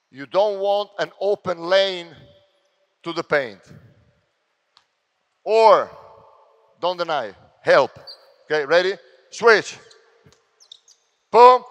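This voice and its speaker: A man with an Italian accent running a basketball clinic on court, giving brisk drill commands and sometimes shouting cues. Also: high voice. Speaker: basketball coach. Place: large indoor gym. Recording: long gym reverb.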